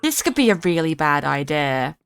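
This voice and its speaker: A woman's voice: deep voice, very animated, moderate pace, creaky, fairly bright tone, smooth, no echo. A young woman streaming a game, chatting casually and playfully, often repeating words for emphasis. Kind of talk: casual live-stream chat while gaming.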